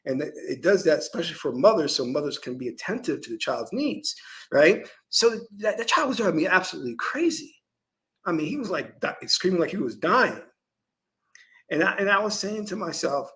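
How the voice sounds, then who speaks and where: Male priest, spiritual talk, preachy and emphatic, pitch swinging all over. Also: expressive, a little fast, a bit bright, poor audio. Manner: emphatic, preachy, lots of restarts. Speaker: Kemetic priest. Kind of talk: spiritual lecture monologue.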